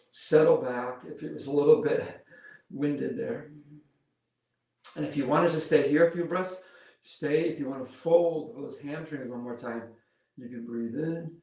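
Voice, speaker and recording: Calm man guiding a yoga flow. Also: medium pitch. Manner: calm, unhurried cues, talking while demonstrating poses. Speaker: yoga instructor. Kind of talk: guided yoga class instruction. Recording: roomy echo, mic far off.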